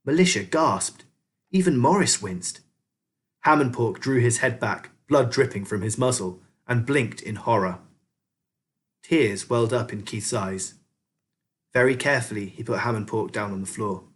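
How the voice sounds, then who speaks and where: Teacher guy reading a kids book out loud, lively storyteller. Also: medium pitch, moderate pace. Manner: expressive storyteller. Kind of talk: children's audiobook reading.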